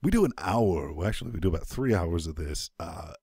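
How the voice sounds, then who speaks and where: Brash, animated low-voiced male host. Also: fairly quick, husky, dry recording, clean studio sound. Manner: brash, crude, animated joking. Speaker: podcast host. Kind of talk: casual banter podcast.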